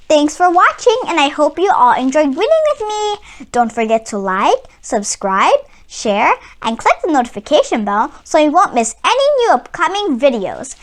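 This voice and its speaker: A woman reading a children's picture book aloud to kids with expressive storytelling. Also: sits high, unhurried.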